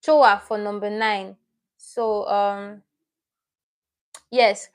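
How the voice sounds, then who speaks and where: Slow, patient woman teaching a live lesson. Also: medium pitch, level tone. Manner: patient, explains step by step, repeats words. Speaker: Korean language teacher.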